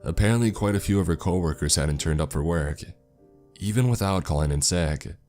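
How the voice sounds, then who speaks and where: Deep-voiced man narrating horror. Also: a little fast, a little mellow. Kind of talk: scripted first-person horror narration. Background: faint background music.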